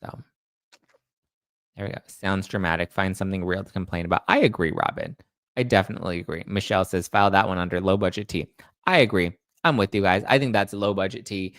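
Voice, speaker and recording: A man's voice: deep voice, fast, a bit bright, dry recording. A man hosting a celebrity gossip show, chatting casually in a rambling way and reading out viewer comments. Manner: rambling, chatty, restarts and self-corrects. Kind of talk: casual chat.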